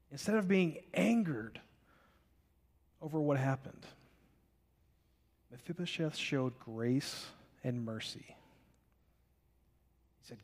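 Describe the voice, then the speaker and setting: Animated male preacher in a reverberant hall. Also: mid-range voice, slow, pauses often. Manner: animated storytelling, acting out biblical characters. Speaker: pastor. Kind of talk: sermon. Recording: long reverb of a large hall.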